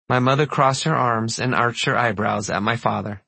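A man narrating an audiobook in first person, measured and reflective. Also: lowish voice, steady tone, creaky, sharp tone, husky, no echo.

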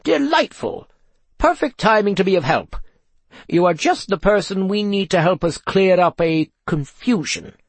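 A gushing, theatrical questioner from a storybook, high and sing-song, relishing every probing question, as a man puts the voice on. Husky at the edges, recorded close and dry. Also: animated, unhurried, dry recording, exaggerated voice. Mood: effusive, probing. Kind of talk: storybook reading.

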